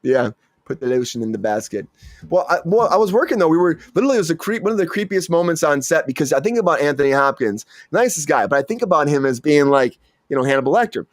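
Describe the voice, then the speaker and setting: A man hosting a casual entertainment news show, talking in a rambling way that is full of stammers and restarts. His voice sits fairly high, and the sound is dry and close with no room around it. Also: animated, fast talker, no echo. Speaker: show host.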